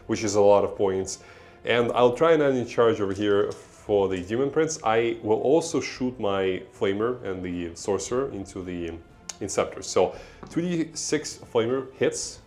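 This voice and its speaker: With a lowish voice and darkish tone, a tabletop player with a Russian accent narrates a battle report play-by-play in a casual way. He laughs frequently and goes back to fix his own counts.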